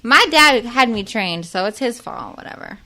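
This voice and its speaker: A woman's voice: fairly high pitch, pushed and bright. A young woman guesting on a podcast, talking bluntly with lots of swearing and laughter. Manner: blunt, profane, laughs often. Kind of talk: casual chat.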